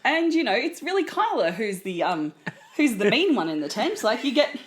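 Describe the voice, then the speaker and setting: A playful woman co-hosting a casual podcast, her voice sitting a little higher than most. Her pitch moves with a lot of life. She cracks quick jokes and laughs often. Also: very animated. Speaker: podcast co-host. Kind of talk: casual recap chat.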